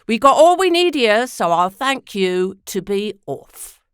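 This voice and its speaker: A woman voicing a fierce, short-sighted, hard-of-hearing elderly woman who scolds in a shrill, shouting way, read aloud as storytelling. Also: very animated, a little slow, clean tone, no room sound, clean studio sound. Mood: indignant.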